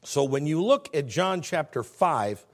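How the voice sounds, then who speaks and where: A middle-aged man preaching from the pulpit in a slightly higher voice. He swings between quiet, low explanation and loud, rising emphasis, and leads the congregation through a call-and-response reading of scripture. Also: expressive, unhurried. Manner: rises to emphatic preaching, then drops low and soft. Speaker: pastor. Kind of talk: sermon.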